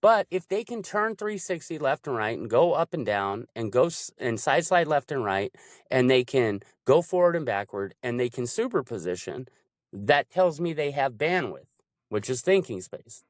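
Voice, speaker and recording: Animated man explaining coaching, dry close sound. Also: mid-range voice, moderate pace, no room sound. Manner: animated, acts out examples in changing voices. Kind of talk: casual chat.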